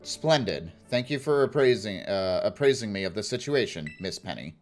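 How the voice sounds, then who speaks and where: A man's voice: lowish voice, animated, moderate pace, soft background music, voice pushed down. A man voicing a formal, old-fashioned male school director while reading game dialogue aloud.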